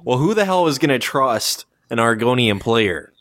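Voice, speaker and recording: A man hosting a casual gaming podcast, firing off animated questions and stumbling over his words. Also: medium pitch, normal speed, no room sound. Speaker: podcast host.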